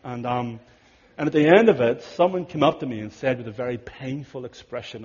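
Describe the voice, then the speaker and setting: A man telling a story in a sermon, earnest and conversational, often dropping to hushed tones, with a husky voice. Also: medium pitch, a little fast, slight background noise. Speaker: pastor. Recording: dull audio in a big reverberant hall.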